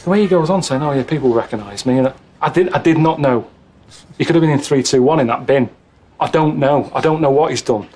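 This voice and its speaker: A man in his late thirties grumbling in a dry, blunt, deadpan way. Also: medium pitch, fast, husky. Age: 30s. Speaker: traveller on a comedy travel show.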